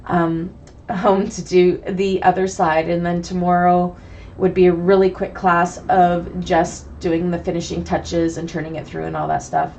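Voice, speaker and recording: A woman with a cold, raspy and sniffly, chatting through a live online bag-making class and greeting viewers by name. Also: fairly low pitch, little pitch movement, measured pace, darkish tone, a little hiss or hum. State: sick with a cold, hoarse and sniffly. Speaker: bag-making sewing instructor.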